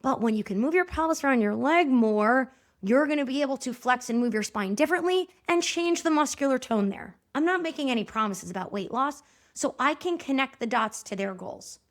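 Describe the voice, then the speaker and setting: A high-pitched woman in her thirties hosts a solo podcast talk. She speaks to her listeners directly, in a chatty, animated, encouraging way. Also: a little fast. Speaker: podcast host.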